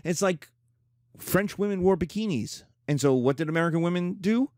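A middle-aged male teacher gives a classroom lecture, full of emphasis and repetition. His voice sits a little high and swings widely in pitch. The sound is dry and close, with no room echo. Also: brisk. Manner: animated, emphatic, with playful mock voices. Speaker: history teacher.

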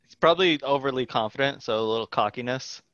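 Young male player, deadpan jokester, dull lo-fi mic. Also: medium pitch, fast. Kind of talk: casual tabletop game banter.

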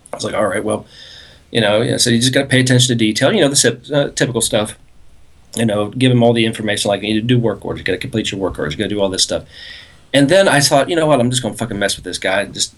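A man's voice: on the low side, a bit bright. Man, casual podcast storytelling, rambling, chuckling through the tale. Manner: rambling, laughing at his own prank story. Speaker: podcast co-host.

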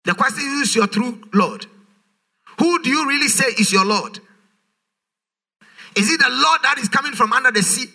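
A man's voice: very high-pitched, animated, moderate pace, long pauses, sharp tone. A man preaching a sermon, emphatic and full of rhetorical questions, his voice rising in a sing-song way. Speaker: pastor.

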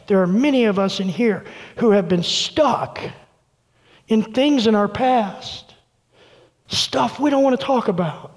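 Casting note: earnest preacher, male, bright high voice, room reverb trailing each phrase. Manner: earnest preaching, dropping soft for quoted words. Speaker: pastor. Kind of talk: sermon. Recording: long reverb of a large room.

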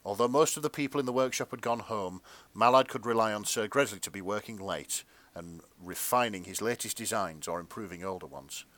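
Lowish-voiced guy reading a fanfic out loud, wry podcast host. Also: fairly quick, no echo. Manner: wry, laughing asides. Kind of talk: comedic fanfic narration.

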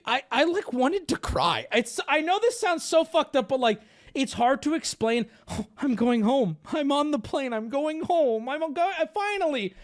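A man streamer telling a story casually to his audience, animated, profane and exaggerated. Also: high voice.

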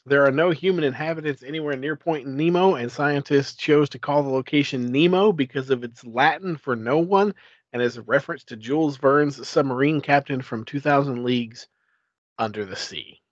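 A podcast co-host in a casual chat explains things eagerly, often stammering and restarting his sentences. His voice is mid-range at a moderate pace, with no echo but a dull, lo-fi sound.

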